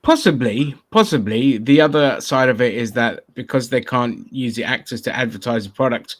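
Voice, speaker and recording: A man's voice: mid-range voice, moderate pace. A man from Greece co-hosting a casual chat show, blunt and sweary, often laughing. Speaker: co-host.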